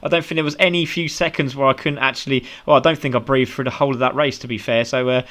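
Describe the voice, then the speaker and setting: A man's voice: medium pitch, steady tone, fast, a bit bright. An upbeat British man interviews drivers after a sim race. He hands out praise freely, one driver after another. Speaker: sim racing commentator and interviewer.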